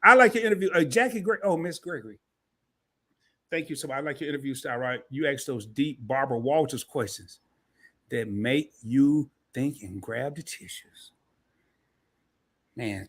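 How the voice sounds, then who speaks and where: A man hosting a casual live-stream chat, joking and talking straight to his viewers while sore from a fall. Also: medium pitch. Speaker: host.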